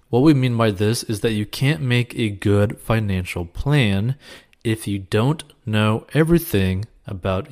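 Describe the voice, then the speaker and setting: A man's voice: lowish voice, a little mellow. A man answering a viewer's question with casual, earnest money advice, encouraging and peppered with "like" and "you know.". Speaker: personal finance advice host.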